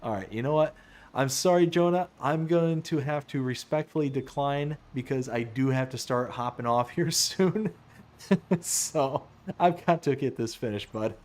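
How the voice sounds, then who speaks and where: A man's voice: mid-range voice, measured pace. A man live-streaming a farming game, chatting casually with his viewers, often laughing and answering their messages. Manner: animated, laughs often, talks to chat. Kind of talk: casual live-stream chat while playing.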